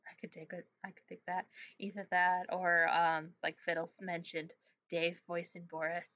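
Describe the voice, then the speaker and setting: A woman's voice: fairly low pitch, flat delivery, moderate pace, dry recording. A woman hosting a casual chat, speaking in a laid-back, playful way with frequent fillers. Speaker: podcast host. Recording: dull, slightly muffled sound.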